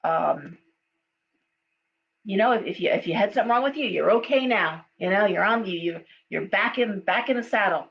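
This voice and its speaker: A woman's voice: medium pitch, lively intonation, normal speed, vocal fry. A middle-aged woman giving a live tarot reading, chatty and storytelling, with frequent okays and ums. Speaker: tarot reader. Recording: dull lo-fi sound with faint hum.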